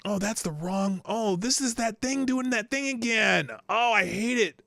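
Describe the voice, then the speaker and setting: In an unhurried, high, creaky voice that sounds pushed and bright, a male livestream news host chats casually. He greets viewers by name and frequently lets sentences trail off, with no echo on the recording.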